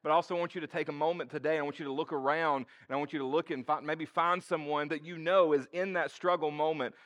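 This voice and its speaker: Talking fast in a slightly high voice, this pastor delivers his church sermon in an informal way. He's expressive and conversational, addressing the people in the congregation head-on.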